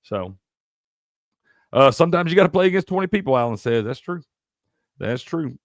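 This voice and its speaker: A man's voice: fairly high pitch, expressive, moderate pace, dry recording, clean studio sound. A man from Tennessee, hosting a live sports stream, ranting heatedly and profanely while answering chat. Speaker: sports show host.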